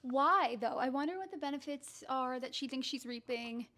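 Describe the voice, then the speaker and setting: A woman's voice: sits high, moderate pace, pushed and bright. A woman in her twenties co-hosting a casual podcast chat, bubbly and chatty, laughing often. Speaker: podcast co-host.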